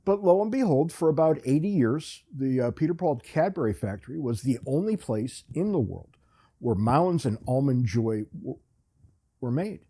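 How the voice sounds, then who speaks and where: A man's voice: mid-range voice, animated, normal speed, warm tone. A man hosting a podcast, telling a rambling, self-deprecating story in a casual, wry way. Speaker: podcast host.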